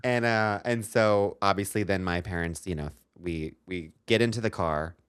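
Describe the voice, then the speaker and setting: A man's voice: low voice, normal speed, smooth, no room sound, studio quality. A man co-hosting a comedic podcast, telling a story in a rambling, self-mocking way with lots of ums. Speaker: podcast co-host.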